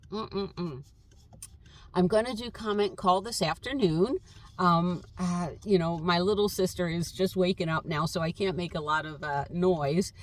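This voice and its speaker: A woman's voice: medium pitch, a bit bright, dry recording. A woman vlogging casually from inside her camper van, thinking aloud and meandering with lots of uh and um fillers. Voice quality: voice others compare to a chatty cartoon fish. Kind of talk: casual rambling chat to camera.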